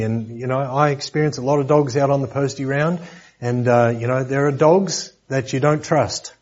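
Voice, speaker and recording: A man's voice: mid-range voice, fairly even intonation, moderate pace, darkish tone, highs cut off. A man preaching a sermon lesson in a conversational way, with joking asides and repeated words.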